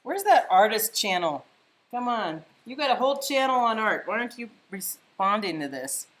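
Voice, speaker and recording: A woman hosting a live painting stream from home, chatting casually, reading viewer comments aloud and thinking out loud as she paints. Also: medium pitch, expressive, normal speed. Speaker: livestream painting host. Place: home, indoors.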